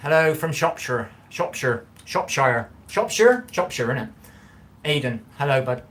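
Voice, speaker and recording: A man's voice: mid-range voice, normal speed, a bit bright. A man chatting casually with viewers while cooking on a livestream, rambling and repeating himself as he reads the chat. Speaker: livestream host reading chat.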